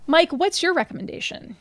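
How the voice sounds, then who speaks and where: A woman's voice: very high-pitched, fairly bright tone, dry recording. A woman co-hosting a podcast in casual chat, a chatty storyteller who giggles through corny puns. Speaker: podcast co-host.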